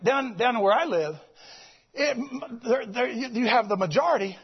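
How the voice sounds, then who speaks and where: A man preaching a sermon to his congregation, swinging between loud exclamations and quiet, low passages. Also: moderate pace, husky. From United States. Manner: animated preaching, swings between shouting and hushed. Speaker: pastor. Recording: dull lo-fi recording.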